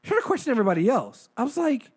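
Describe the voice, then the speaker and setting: A man co-hosting a casual movie review chat, excitable, swearing freely and restarting sentences. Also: very high-pitched, racing, husky. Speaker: podcast co-host reviewing films.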